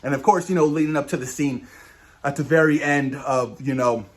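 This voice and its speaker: A man giving a casual spoiler review of a TV episode, enthusiastic and swearing now and then, dropping low at the ends of his phrases. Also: normal speed. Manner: enthusiastic, keeps saying "you guys", swears casually. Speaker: show reviewer.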